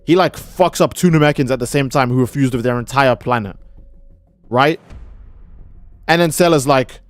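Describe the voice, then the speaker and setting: A man's voice: medium pitch, normal speed, no room sound, soft background music. A young man streaming a game, rambling and joking with profanity in casual commentary. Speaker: gaming streamer.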